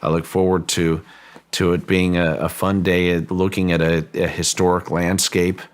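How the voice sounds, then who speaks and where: A man as an interview guest, recounting a story in a measured, deliberate way with frequent restarts. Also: deep voice, level tone. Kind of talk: storytelling in a long-form interview.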